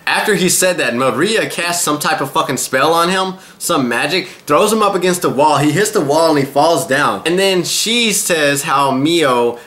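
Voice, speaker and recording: A man's voice: a little high, lively intonation, normal speed, few pauses, a bit bright. A man casually recapping an anime episode in a crude, rambling way, full of profanity. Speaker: anime reviewer.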